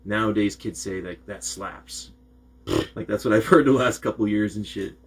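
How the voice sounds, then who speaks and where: A man's voice: on the low side, normal speed. A man from Maine co-hosting a music reaction video, chatting in a rambling, laid-back way with lots of slang. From Maine, USA. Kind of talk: casual reaction chat.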